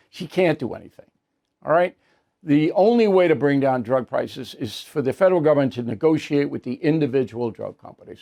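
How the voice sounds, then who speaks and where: A man hosts a political commentary segment with a blunt, combative delivery. He waves off claims with curt dismissals. His voice sits a little high for a man. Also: vocal fry, darkish tone. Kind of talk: opinionated news commentary.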